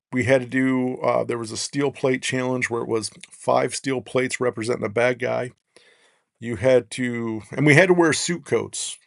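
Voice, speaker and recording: A man, a podcast guest, telling long rambling stories in casual chat and tagging his points with quick checks on the listener. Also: mid-range voice, vocal fry, no echo, clean studio sound. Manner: rambling, peppers lines with "right?". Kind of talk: casual storytelling.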